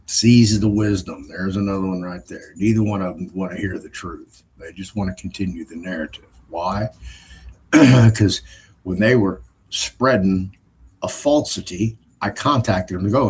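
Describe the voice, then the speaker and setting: Husky-voiced man ranting bluntly. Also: deep voice, moderate pace. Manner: blunt, profane, scornful; laughs between phrases while telling stories. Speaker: show host. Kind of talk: casual ranting monologue.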